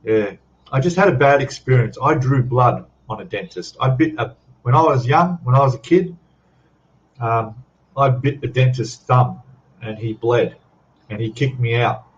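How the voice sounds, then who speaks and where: On a lo-fi recording, an older Australian man with a mid-range voice and moderate pace hosts a laid-back livestream, chatting ramblingly, laughing often, and reading comments from viewers aloud.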